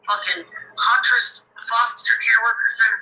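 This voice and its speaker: A woman's voice: a little high, little pitch movement, a little slow, pushed and bright, poor audio. A woman in her thirties telling a personal story in casual talk, blunt and full of swearing, acting out the people she met. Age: 30s. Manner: blunt and heavily profane, acts out the other people in her story.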